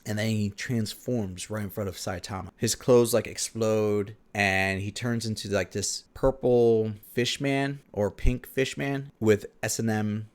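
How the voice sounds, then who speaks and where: A man's voice: fairly low pitch, fairly even intonation, unhurried, few pauses. A man casually recapping and reviewing an anime in a chatty way. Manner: casual, chatty, many fillers.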